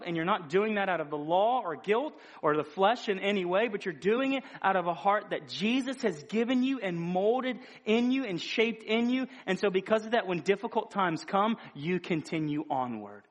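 A man delivers a sermon in a high, light voice. He speaks earnestly and conversationally, often stopping to restart a phrase before pressing his point. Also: lively intonation, moderate pace, hardly any pauses. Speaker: preacher.

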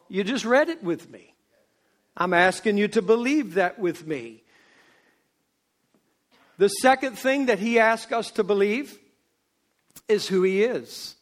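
Slow, high-voiced preacher. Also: male voice. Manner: emphatic, swings from loud to hushed; slow, drawn-out delivery. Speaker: pastor. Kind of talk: sermon.

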